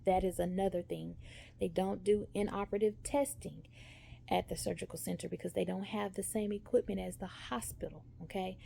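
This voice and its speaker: In this casual talking-head update, a woman vlogger speaks fairly quickly in a medium-pitched, steady, mellow voice with vocal fry. Chatty and storytelling, she addresses viewers directly and repeats "y'all" and "okay." Slight background noise is audible.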